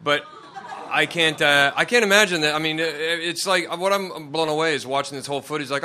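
A male comedian riffing on a panel show with a bright, crisp tone. He rambles freely, swears a lot, and drops into little voices for the people he imagines. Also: fairly high pitch, fairly quick. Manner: profane, rambling, acts out quoted voices.

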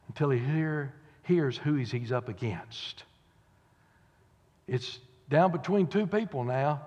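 A man preaching slowly and deliberately, his voice sitting a bit high. He tells the story dramatically, shouting out some lines and hushing others almost to a whisper. The sound carries a long reverb from the church hall. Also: highs cut off. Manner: dramatic storytelling, swings from loud cries to hushed whispers. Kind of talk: sermon.

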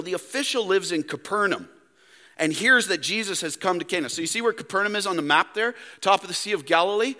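A young male pastor preaches with a high, bright, forceful voice. He presses hard on key words, then drops to a hushed, intimate tone. The sound carries the long reverb of a church hall. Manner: emphatic, swings from loud to hushed. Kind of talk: sermon. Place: church sanctuary.

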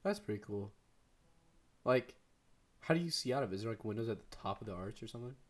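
A man's voice: fairly low pitch, expressive, fast. Brief: teen boy podcast co-host, casual slangy chatter, laughs a lot. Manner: slangy, laughs often, rambling. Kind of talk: casual chat between friends.

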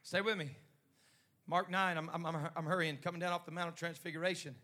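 A man preaching a sermon in short rhythmic phrases that build to shouting. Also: fairly high pitch, steady tone, a little fast, a little hiss or hum.

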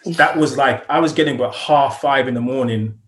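A man's voice: mid-range voice, brisk, fairly bright tone, a little hiss or hum. Earnest British man telling his story. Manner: earnest, repeats words as he thinks, chuckles often. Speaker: podcast guest. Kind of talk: reflective interview storytelling.

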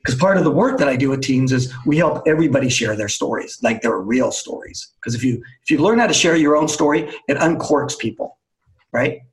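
A man, a team storytelling coach, telling a lively anecdote as a guest in a webcast interview, acting out the dialogue as he goes. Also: mid-range voice, fairly quick, rough recording. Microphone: video call.

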